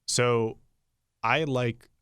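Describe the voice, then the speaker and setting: A young man, the show's producer, chatting casually and easily, with lots of fillers and quick laughs. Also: medium pitch, steady tone, a bit bright, clear, resonant tone, no echo, studio quality. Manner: easygoing, laughs often, many fillers. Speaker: podcast producer. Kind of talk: casual chat.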